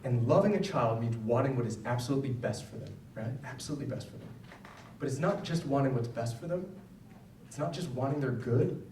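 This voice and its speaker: A man's voice: medium pitch, animated, a little fast, a little mellow, slight background noise. Guy giving a parenting talk, chatty, keeps saying right?, mic a bit far off, echoey room. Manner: conversational, often ends points with "right?". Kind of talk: public lecture with personal stories. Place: school event hall. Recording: roomy, distant mic, faint ambience.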